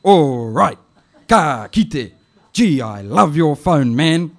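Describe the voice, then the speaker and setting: A man voicing a loud, bossy, teasing elderly Māori auntie who hollers and scolds down the phone in a comic poetry performance. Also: sing-song, slow, heavily acted. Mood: boastful. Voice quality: shrill and loud, calling out. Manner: scolding, hollering, laughing at herself.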